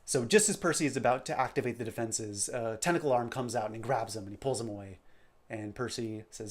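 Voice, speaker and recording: A male animator talking casually through a rough storyboard in a rambling, self-deprecating way. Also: medium pitch, fairly quick.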